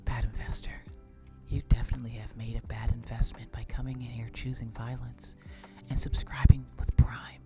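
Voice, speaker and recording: A woman's voice: very deep voice, level tone, moderate pace, over loud music. A woman doing a teasing whispered role-play thank-you.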